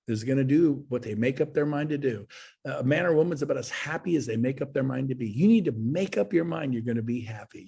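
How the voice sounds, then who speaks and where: A man's voice: medium pitch, vocal fry, mellow, breathy edge. A middle-aged man giving a folksy, emphatic motivational talk on a video call, repeating his phrases for effect. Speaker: guest speaker at a real estate webinar.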